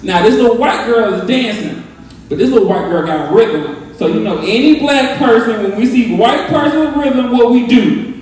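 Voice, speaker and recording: High-voiced stand-up comic in echoey room. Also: male voice, moderate pace. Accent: Southern US. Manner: loose, animated storytelling with crowd questions. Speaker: stand-up comedian. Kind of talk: stand-up set. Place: live comedy venue with audience. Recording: echoey, distant room mic.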